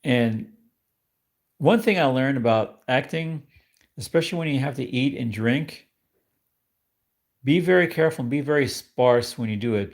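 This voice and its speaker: Gravelly-voiced man chatting on a live stream. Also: mid-range voice. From New York. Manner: chatty and rambling, often laughing at himself. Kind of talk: casual live-stream chat.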